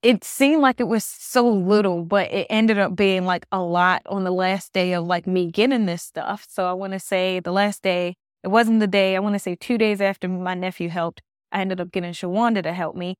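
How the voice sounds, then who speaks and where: A woman's voice: medium pitch, steady tone, normal speed, clear, resonant tone, dry recording. Woman, solo podcast host, casual rambling storyteller, lots of "like", dry close sound. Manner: rambling storytelling, heavy use of "like". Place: her new apartment.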